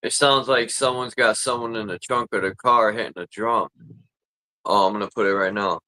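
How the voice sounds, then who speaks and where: A man's voice: fairly low pitch, fairly even intonation, moderate pace, pushed and bright, no room sound. A man hosting a loose, rambling voice chat with friends. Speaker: host. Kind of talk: casual voice chat.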